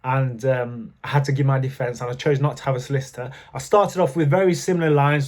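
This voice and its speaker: This man's voice sits on the high side with a darkish tone, and he talks fairly quickly with few pauses. He's a vlogger telling candid personal stories to the camera, chatty and full of fillers.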